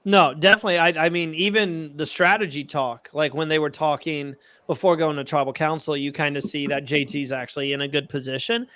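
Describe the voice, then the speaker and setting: Excitable high-voiced man on a podcast. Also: fairly quick, few pauses. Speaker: podcast co-host. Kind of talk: casual chat.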